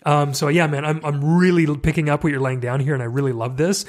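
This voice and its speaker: Candid Canadian man, fairly high voice. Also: fast talker. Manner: candid and self-deprecating, animated asides. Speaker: podcast host. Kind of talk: casual conversation.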